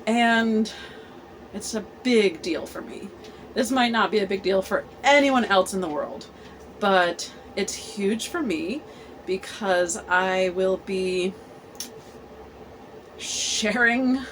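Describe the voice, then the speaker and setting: A woman in her forties hosting a candid personal vlog, talking earnestly and haltingly with many fillers and restarts. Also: mid-range voice, slight background noise, low-quality recording. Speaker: host.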